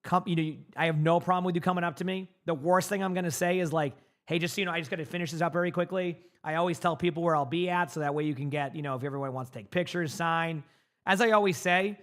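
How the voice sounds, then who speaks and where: A man's voice: fairly high pitch, a bit bright. A young adult man from Massachusetts, a streamer in casual chat with his viewers, rambling with lots of fillers and repeated words.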